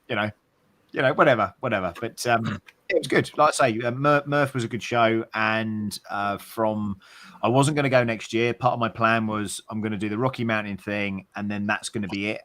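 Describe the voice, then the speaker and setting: Low-voiced Irish-born host, dry close sound, rambling wit. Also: male voice, sharp tone, no room sound. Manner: rambling, many fillers, dry jokes. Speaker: livestream host. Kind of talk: casual chat.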